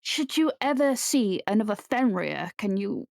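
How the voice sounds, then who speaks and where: A woman's voice: medium pitch, animated, measured pace, vocal fry, darkish tone, no echo. A woman playing a tabletop game, speaking with dry, teasing humor. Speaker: player. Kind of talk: in-character tabletop role-play.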